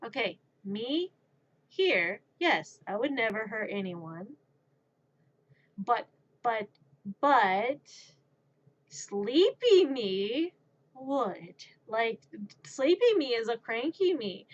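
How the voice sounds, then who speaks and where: A woman's voice: fairly high pitch, dull audio. A woman streamer in a casual chat who rambles, mocks herself and laughs at herself. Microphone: streaming microphone.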